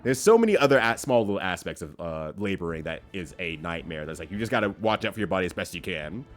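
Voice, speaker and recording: Brief: male game streamer, lively swinging pitch, easy laughs, faint music under him. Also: quick pace. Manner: animated, laughs often, jumps up in pitch for quoted voices. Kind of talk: casual chat while playing a game. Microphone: streaming mic.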